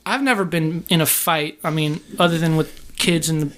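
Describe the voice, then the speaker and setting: A man with a slightly high voice, a podcast guest retelling a personal story in an earnest, halting way, often restarting his sentences. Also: fairly bright tone. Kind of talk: casual spoken storytelling.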